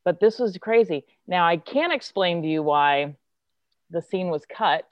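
A woman's voice: lowish voice, lively intonation, unhurried, dry recording, highs cut off. A woman actress, a guest telling a casual, chatty story and acting out the quotes. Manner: chatty, lots of filler likes, acts out quotes.

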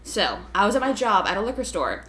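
A woman telling a story on a casual podcast chat, profane and ranting, full of swearing and quick asides. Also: mid-range voice, very animated, a bit bright. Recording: echoey room.

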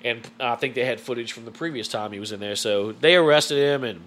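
A man telling a story in casual chat, animated and swearing freely. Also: mid-range voice, brisk, slight background noise. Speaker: guest.

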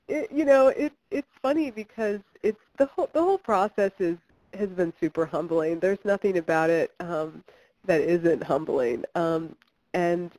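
A woman's voice: lowish voice, a little mellow, rough recording. A young woman from Kentucky, a filmmaker guest in an interview, talking chattily with many fillers and restarts. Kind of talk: interview conversation.

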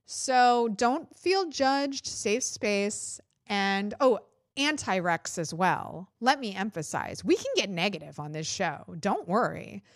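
A woman hosting a political comedy podcast, talking casually and swearing a lot, jumping up in pitch when she mimics others. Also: takes it slowly, no room sound, studio quality. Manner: chatty, profane and animated, jumping up in pitch for mock quotes. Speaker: podcast host.

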